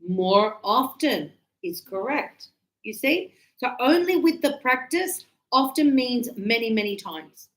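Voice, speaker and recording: A woman English teacher giving a classroom grammar lesson, talking slowly and deliberately and stretching out key words. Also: on the high side, expressive. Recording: echoey classroom.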